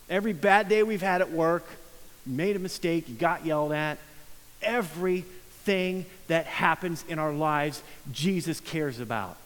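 A man preaching a sermon as a pastor, reading scripture and talking it through earnestly, dropping to a hush for emphasis. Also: fairly high pitch. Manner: earnest, conversational preaching with soft hushed emphasis. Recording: long reverb of a large room.

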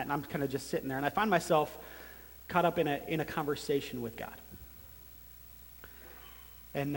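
A man in his thirties giving a personal testimony sermon as a church planter, telling his story earnestly and haltingly. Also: on the high side. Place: large meeting room. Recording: long hall reverb.

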